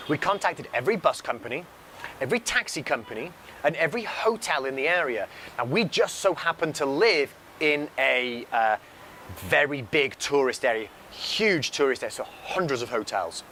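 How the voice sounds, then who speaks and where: A man gives a casual motivational business talk from a balcony above a road. His voice sits a little high and swings widely in pitch as he tells the story, repeating phrases for emphasis. Faint traffic noise hums in the background. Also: bright, forceful tone. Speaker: business speaker.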